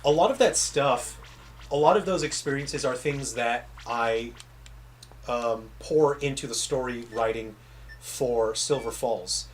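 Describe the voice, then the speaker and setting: Here the Southern-accented game developer uses a medium pitch and a measured pace, with slight noise behind him. Chatting loosely with viewers on his livestream, he rambles, interrupts himself, and trails off before restarting his sentences.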